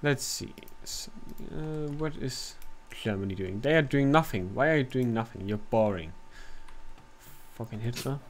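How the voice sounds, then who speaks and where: A man's voice: mid-range voice, slight background noise. A man chatting casually on a stream while he plays a strategy game, swearing now and then.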